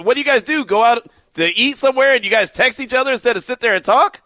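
A middle-aged man hosts a radio show in casual, animated banter. His voice sits very high and bright. The sound is dry and close to the mic. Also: brisk, dry recording. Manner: animated, teasing, laughs often.

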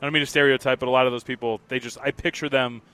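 A man co-hosting a sports betting radio show, excitable and jokey. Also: mid-range voice, racing, clear, resonant tone. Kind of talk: casual sports talk.

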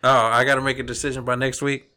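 A man's voice: mid-range voice, flat delivery, fast talker, bright, forceful tone. A man co-hosting a podcast in casual chat, teasing his partner and calling him "fool.". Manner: teasing, calls people "fool". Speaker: podcast co-host.

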